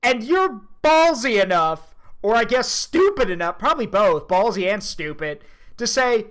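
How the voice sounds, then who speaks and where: A streamer reacts to a video in a casual, crude and joking way, often thinking out loud. The pitch sits in the middle. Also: big pitch swings, unhurried.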